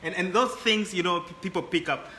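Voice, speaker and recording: A man's voice: high voice, a little fast, sharp tone, reverberant, a little hiss or hum. A man talking as a guest in a casual chat, often repeating words as he builds his points.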